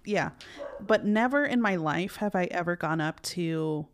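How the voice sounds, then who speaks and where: A woman's voice: on the low side, expressive, a little slow. A woman co-hosting a podcast in casual conversation, talking in a rambling way with many fillers and restarts. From United States. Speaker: podcast co-host.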